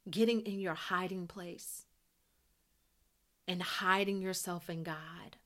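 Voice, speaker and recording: A woman's voice: fairly low pitch, fairly bright tone. A woman hosting a devotional podcast, teaching in an earnest way and repeating phrases for emphasis. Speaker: podcast host.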